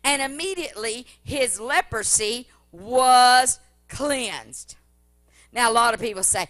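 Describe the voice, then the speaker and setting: A woman preacher with a high voice and a bright, cutting tone delivers a fervent revival-style sermon in church. She surges into loud, emphatic declarations and then drops back to storytelling. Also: takes it slowly. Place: church service.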